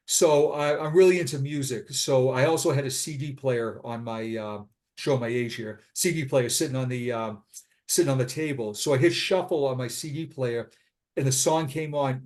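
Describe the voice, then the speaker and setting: A middle-aged man, a retired police sergeant, telling his own story as an interview guest in an earnest, halting way, often repeating himself. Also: mid-range voice, a little mellow. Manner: earnest, halting, with frequent repetitions. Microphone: remote call.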